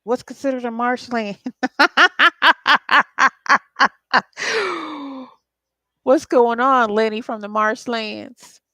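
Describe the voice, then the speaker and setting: Slow-talking woman, chatty psychic reader. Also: fairly high pitch, fairly even intonation, a bit bright, dry recording. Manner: chatty, laughing, talks to viewers and spirits. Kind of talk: casual spirit channeling livestream.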